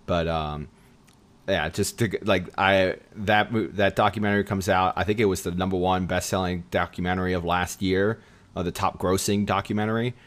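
A man hosting a loose film-talk podcast. His voice sits very low, and he keeps the chat easygoing with plenty of laughs and filler words. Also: fairly even intonation, normal speed. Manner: chatty, laughs often, many fillers. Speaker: podcast host.

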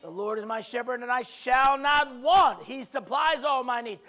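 A man preaching a sermon, leading the congregation in loud, emphatic call-and-response declarations and repeating his phrases. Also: very high voice, lively intonation. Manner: emphatic, repeats phrases, stretches words slowly while shouting. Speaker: pastor.

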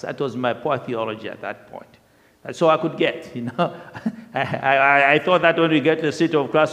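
Animated man telling his testimony. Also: on the high side. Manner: animated storyteller, laughing and repeating himself. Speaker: speaker sharing a testimony. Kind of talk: personal testimony storytelling. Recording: long reverb of a large hall.

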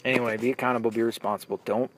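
A man's voice: mid-range voice, flat delivery, very fast, a little hiss or hum. A man in a heated solo rant, talking bluntly and swearing a lot. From United States.

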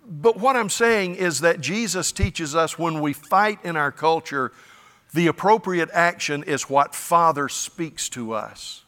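A man's voice: fairly high pitch, expressive, unhurried, pushed and bright, long reverb tail. Folksy, emphatic preaching man. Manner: folksy and emphatic, with stammered restarts. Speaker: pastor. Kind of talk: sermon. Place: church sanctuary.

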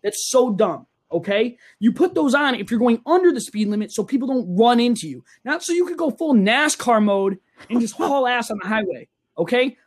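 A man's voice: very high voice, normal speed. Young male podcast co-host, ranting, casual and rowdy. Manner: ranting, animated, says okay often.

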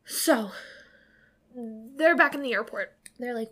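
Woman podcast co-host, higher register, rambling casual recapper, curses freely. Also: takes it slowly, a bit bright. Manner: rambling, filler-heavy, swears freely. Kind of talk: casual movie recap chat.

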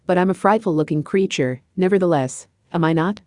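A woman's voice: on the low side, brisk, darkish tone, no room sound, studio quality, natural voice. A woman voicing a vain, fierce-looking male leopard who snarls his lines. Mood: snarling.

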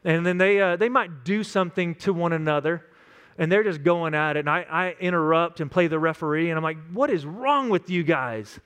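A man's voice: fairly high pitch, steady tone, fairly quick, fairly bright tone, clean tone. A man in his thirties preaching a sermon as a pastor, earnest and acting out little quoted scenes.

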